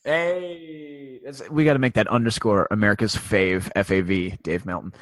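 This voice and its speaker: A man's voice: on the low side, normal speed, dry recording. A man in his forties hosting a casual sports podcast, rambling with many fillers and restarts. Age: 40s. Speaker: podcast host.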